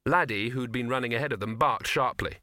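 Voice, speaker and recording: Guy reading an audiobook, bright clear voice, dry close sound. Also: mid-range voice, brisk, dry recording. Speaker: audiobook reader. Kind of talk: scripted narration.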